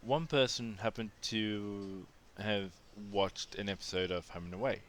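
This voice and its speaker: A man's voice: lowish voice, fairly even intonation, a little slow, a little hiss or hum. A man from Australia telling a rambling personal anecdote as a casual monologue, with frequent restarts and asides.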